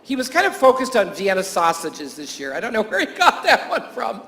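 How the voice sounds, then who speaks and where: A man who teaches and also works at a camp gives a conference talk to health professionals in a high, bright, forceful voice with wildly swooping pitch, a brisk pace, and vocal fry. His talk is packed with anecdotes, frequent chuckles, fillers, and restarts.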